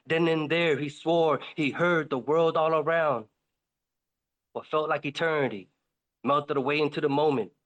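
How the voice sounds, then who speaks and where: A man's voice: fairly high pitch, moderate pace. A man narrating a rhymed fable in a dramatic spoken-word style. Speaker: host reading a poem.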